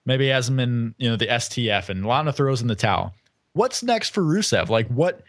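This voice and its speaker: A man's voice: mid-range voice, very animated, a little fast, a bit bright, dry recording, clean studio sound. A man co-hosting a casual podcast, thinking aloud and hedging his predictions. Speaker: podcast co-host.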